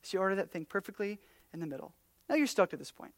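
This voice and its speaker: High-voiced animated young-sounding preacher. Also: male voice, fast, no room sound. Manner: animated storyteller, acts out quotes, drops to near-whispers. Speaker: pastor. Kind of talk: casual sermon.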